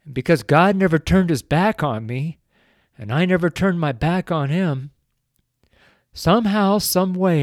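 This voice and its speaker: A man's voice: a little high, darkish tone, no room sound, studio quality. An older man, a street preacher, giving an earnest, pleading sermon on a show, tearful and emotional. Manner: slow, earnest, pleading, with drawn-out emphasis.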